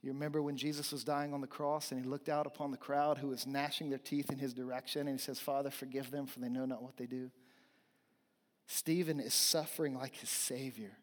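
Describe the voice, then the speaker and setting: A man's voice: mid-range voice, big-room sound. A man preaching a sermon as pastor, earnest and emphatic, building points through repetition.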